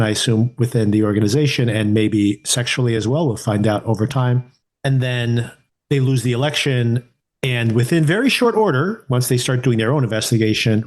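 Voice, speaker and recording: A man's voice: medium pitch, darkish tone. A man co-hosting a podcast, chatting casually through a TV review and thinking aloud with rhetorical questions. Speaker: podcast co-host.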